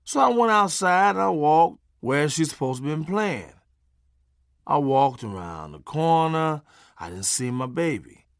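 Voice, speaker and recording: A man's voice: a little high, sing-song, measured pace, gravelly, clean tone, no echo, clean studio sound. A middle-aged man narrating his memoir in a punchy, folksy, conversational way with salty language.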